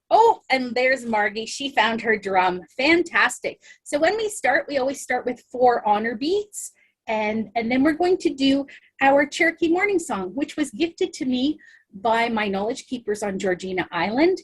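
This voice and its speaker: A woman leading a children's circle time on a video call, talking gently and reassuringly with many ums. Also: on the high side, expressive, husky. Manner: slow, soft-spoken and reassuring, with many ums. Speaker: early-years facilitator leading circle time. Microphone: laptop webcam on a video call.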